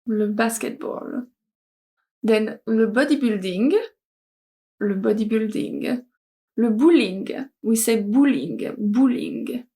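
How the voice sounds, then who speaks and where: A woman with a French accent teaches vocabulary at an unhurried pace and pauses to repeat each word clearly. Her voice sits a bit high for a woman. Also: darkish tone. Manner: slow, careful, repeats each word twice. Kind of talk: vocabulary lesson with repetition drills.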